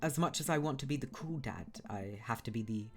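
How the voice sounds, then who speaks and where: A woman's voice: a bass voice, lively intonation, a little fast, background noise. A woman voicing a flustered, strict middle-aged father and teacher in a video game, exasperated and apologetic.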